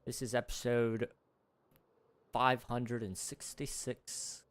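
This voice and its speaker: A man's voice: medium pitch, little pitch movement, takes it slowly, clear, resonant tone, lightly acted. A man putting on a wobbly British host accent. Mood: chirpy. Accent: attempted British, drifting. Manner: chirpy presenter greeting, wobbly accent. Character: cheery British male video host, adult.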